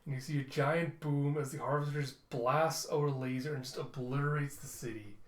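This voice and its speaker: A man's voice: mid-range voice, fairly even intonation, fairly quick. A man casually narrating a comic book readthrough, restarting and correcting himself. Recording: roomy echo.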